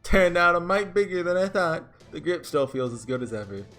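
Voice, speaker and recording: A man's voice: high voice, animated, a little fast, a bit bright, faint music behind, voice pushed up. A man voicing a cocky young outlaw gunslinger in an exaggerated put-on Southern drawl, folksy and boastful. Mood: swaggering. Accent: put-on exaggerated American Southern. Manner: swaggering drawl, folksy slang.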